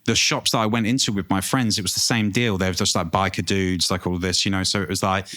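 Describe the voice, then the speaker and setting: A very low-voiced man chats as a guest, telling stories in a lively, loose way. He swears freely, and the talk stays casual. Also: quick pace. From England. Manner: animated storytelling, swears freely. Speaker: tattoo artist guest. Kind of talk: casual interview chat.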